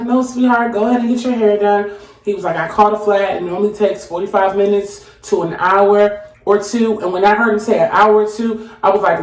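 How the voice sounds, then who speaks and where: A young woman in casual storytime chat, animated and talking straight to her viewers. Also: medium pitch. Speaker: vlogger. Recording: echoey room.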